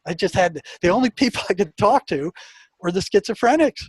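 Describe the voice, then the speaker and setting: An older man, a retired psychotherapist, telling a story in an interview; he talks in halting restarts and acts out the sound effects and other people's lines. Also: high-pitched, lively intonation, husky, no echo. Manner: halting, repeats words as he recalls.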